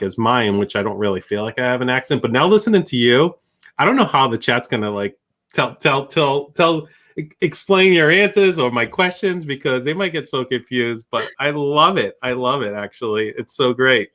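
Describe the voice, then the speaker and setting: A man's voice: mid-range voice, moderate pace, a bit bright. Rambling man with a Boston accent. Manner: joking, rambling, many restarts. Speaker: host. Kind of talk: casual live-stream chat.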